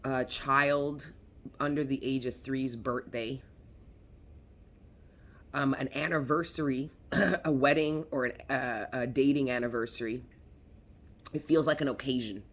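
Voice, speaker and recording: A man with a bright, forward voice giving a casual tarot reading straight to his viewers. He talks in a loose, rambling way, circles back on his words and drops the odd curse for emphasis. His voice sits at a middling pitch. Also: steady tone, unhurried, pauses often. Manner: rambling and emphatic, swears freely, repeats words. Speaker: tarot reader.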